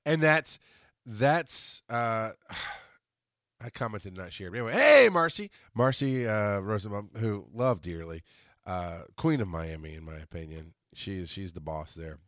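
A man's voice: on the low side, a little slow, no echo. Rambling man in his forties, dry close sound. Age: 40s. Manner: rambling, restarts and self-corrections, animated when quoting others. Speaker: podcast host. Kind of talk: casual solo monologue.

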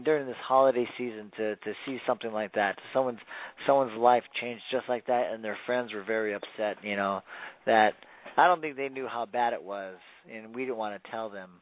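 Man telling a story over a tinny phone line. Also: lowish voice. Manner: rambling, many fillers and restarts. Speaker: firefighter guest on a radio talk show. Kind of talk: casual storytelling.

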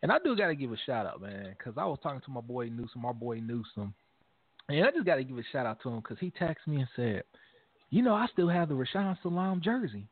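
A man co-hosts a sports podcast in an emphatic, animated way, repeating himself for effect. His middle-pitched voice comes through a narrow, phone-like recording. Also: fast, no echo. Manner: animated, talks straight to fans, repeats phrases. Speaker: podcast co-host. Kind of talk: casual sports talk.

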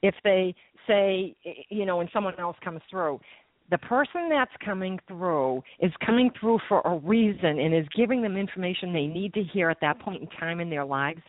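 A man's voice: high-pitched, lively intonation, normal speed, no echo. A male interview host who agrees easily and asks long, leading questions. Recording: tinny phone-like line, dry.

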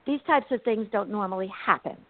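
A woman psychic medium, a guest in an interview, tells stories animatedly and expressively in a medium-pitched voice, a little fast. The line sounds tinny, like a phone, and dry.

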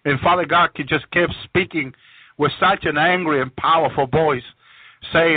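A man's voice: a little high, steady tone, normal speed, breathy edge, no echo. A man giving a fervent religious testimony of his visions, often repeating words as he restarts. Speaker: guest sharing visions on a religious program. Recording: tinny phone-line audio, dry.

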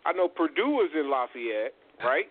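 Profane, lively man on a phone line. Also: on the high side, normal speed. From Gary, Indiana. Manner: profane, animated storytelling. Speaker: radio show host. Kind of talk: casual reminiscing chat. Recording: phone-quality line, faint noise.

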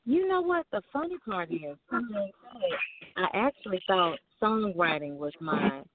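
Speaking at a medium pitch, slowly and expressively, this young Memphis singer-songwriter with a Southern accent phones in from home for an interview. Her answers are relaxed and thoughtful, coming through a dry, tinny line with background noise.

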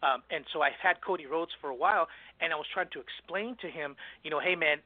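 A high-voiced man hosts a radio show at a quick clip and laughs often. His voice sounds dry and tinny, like a phone line. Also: dry recording. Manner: fast, excitable, laughs often. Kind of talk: casual radio chat.

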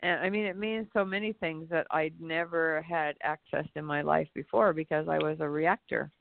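Man, co-host, reflective spiritual chat, gravelly voice, dry tinny phone sound. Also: a little high, fairly even intonation, normal speed, dry recording. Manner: rambling, searching for words, self-deprecating. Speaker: podcast co-host.

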